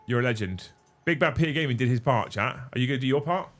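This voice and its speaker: Sweary, excitable livestream host. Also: male voice, mid-range voice, fast. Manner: sweary, excitable, thanks viewers by name. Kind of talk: casual livestream chat.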